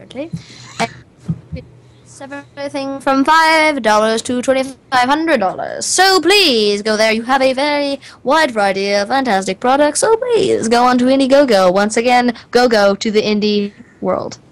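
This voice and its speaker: A woman's voice: a little high, animated, normal speed. A woman chatting as a guest on a casual show, playful and a bit scattered. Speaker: guest singer. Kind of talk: casual chat.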